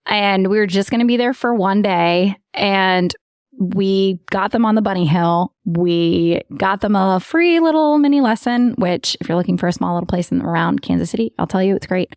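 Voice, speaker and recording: A woman's voice: mid-range voice, normal speed, clear, resonant tone, no room sound, studio quality. A woman co-hosting a podcast, chatting casually and telling stories with acted-out quotes and frequent laughs. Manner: animated storyteller who acts out quotes and laughs often. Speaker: podcast co-host. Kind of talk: casual chat.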